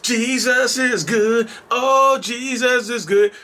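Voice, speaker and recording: A man voicing a smug, two-faced male churchgoer who gushes in a high, sing-song voice. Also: fairly even intonation, slow pace, sharp tone, full character voice. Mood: gushing.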